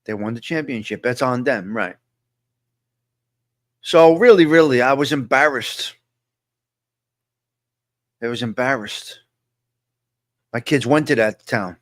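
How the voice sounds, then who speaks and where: A man's voice: mid-range voice, a bit bright, no room sound, studio quality. A man hosting a casual live-stream chat, talking to viewers and repeating his points with emphasis. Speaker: host.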